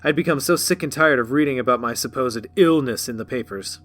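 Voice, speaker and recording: A man voicing an eager young writer who speaks with boyish excitement. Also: mid-range voice, brisk, faint music behind, lightly acted. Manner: bright, excited and animated.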